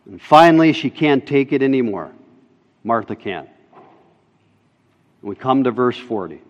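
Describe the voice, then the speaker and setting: A man's voice: medium pitch, lively intonation, measured pace, lo-fi sound. Emphatic preacher, man, echoing hall. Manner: emphatic, repeats key lines for emphasis. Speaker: pastor. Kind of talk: sermon. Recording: long reverb of a large hall.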